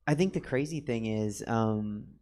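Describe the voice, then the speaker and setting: A man's voice: on the low side, a little mellow. A man hosting a casual studio interview as a drag performer, joking and teasing his guest. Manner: joking, teasing, quick asides. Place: studio in a comedy theater.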